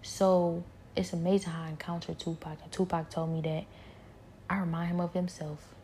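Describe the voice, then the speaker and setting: A woman giving a rambling personal spiritual testimony, speaking softly and often dropping into a whisper. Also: fairly low pitch, flat delivery, normal speed, a little hiss or hum. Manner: soft-spoken, often trailing into whispers; rambling, many fillers and repeats.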